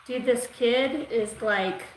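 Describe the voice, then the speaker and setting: A woman's voice: on the high side, slow. Slangy woman giving a live tarot reading. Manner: casual and slangy, swears, says "like" and "dude" often. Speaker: tarot reader. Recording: echoey room with faint noise.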